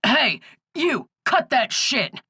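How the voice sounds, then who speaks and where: A woman's voice: medium pitch, expressive, unhurried, sharp tone, dry recording, clean studio sound, voice pushed up. A woman voicing an angry, bullying male sheriff in an audiobook, barking orders and swearing. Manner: blustering, profane, barking orders. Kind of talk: audiobook character voice.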